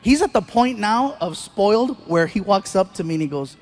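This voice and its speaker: A man's voice: high voice, moderate pace, few pauses, slight background noise. A man in his thirties performing a stand-up comedy set, telling stories and acting out the voices of the people in them. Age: 30s. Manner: animated storytelling, acts out other people's voices.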